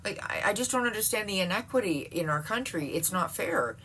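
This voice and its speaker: A woman's voice: mid-range voice, lively intonation, fairly quick, sharp tone, a little hiss or hum. A middle-aged woman ranting in a casual vlog from home, exasperated and profane, often breaking into laughs. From Canada. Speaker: vlogger. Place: at home, seated.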